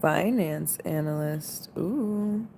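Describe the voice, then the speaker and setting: A woman's voice: low voice, extremely slow, vocal fry, slight background noise. A woman, chatting casually and rambling with viewers on a late-night live stream. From United States. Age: 20s. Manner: rambling, relaxed, lots of "like" fillers. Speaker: livestream host.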